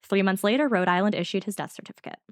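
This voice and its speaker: This co-host's mid-range voice comes through in studio quality without any echo as she speeds through a true-crime case. Her storytelling, drawn from notes, is fast, chatty, and relaxed.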